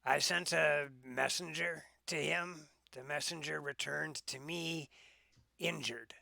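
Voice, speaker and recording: A man playing a tabletop game, speaking his character in a measured, politely formal way. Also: on the high side, gravelly, sharp tone, dry recording, clean studio sound. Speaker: player.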